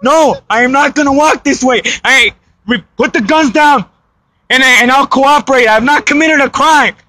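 A frightened man on the verge of tears pleads over and over. His voice sits unusually high and comes out strained and tense, and he breaks into shouting at times. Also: moderate pace, no room sound. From United States. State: frightened and crying. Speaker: citizen confronted by police. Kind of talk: pleading confrontation.

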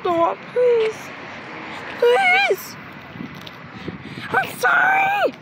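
A woman's voice: sits high, animated, measured pace. A woman voicing a whiny, crying little pirate minion who pleads and wails. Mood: wailing. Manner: wailing, pleading. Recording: noisy home recording.

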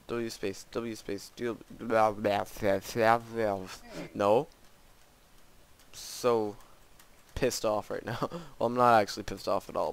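A man's voice: fairly low pitch, little pitch movement, takes it slowly, gravelly. A man giving casual let's-play commentary on a custom game map, gasping and exclaiming often and mocking himself. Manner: frequent gasps and exclamations, self-mocking. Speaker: gamer playing a custom map.

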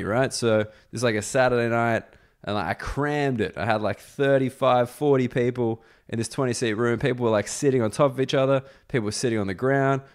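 Smooth-voiced man telling a story. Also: fairly low pitch. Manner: loose storytelling with frequent fillers. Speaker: podcast host and comedian. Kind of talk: casual storytelling and chat.

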